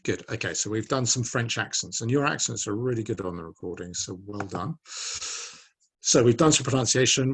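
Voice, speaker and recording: A man's voice: lowish voice, lively intonation, normal speed, a bit bright, slightly rough. A man in his forties teaching a French lesson to children, patiently drilling pronunciation and encouraging them to repeat. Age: 40s.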